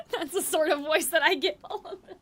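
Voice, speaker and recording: Young woman game streamer, chatty and rambling, very high bright voice. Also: fairly quick. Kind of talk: casual game commentary. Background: faint game music.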